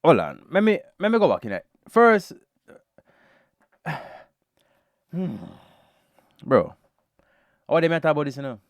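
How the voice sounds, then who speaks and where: A man with a Jamaican accent hosting a music reaction podcast, giving a casual, animated review and calling the listener brother. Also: fairly high pitch, measured pace, pauses often, no room sound.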